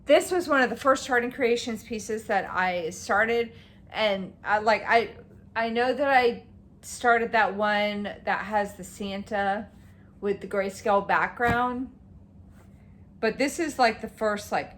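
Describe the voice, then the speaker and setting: A woman vlogger chatting casually about her stitching projects, rambling and excitable, tired and yawning at times. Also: mid-range voice, takes it slowly. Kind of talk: casual show-and-tell chat.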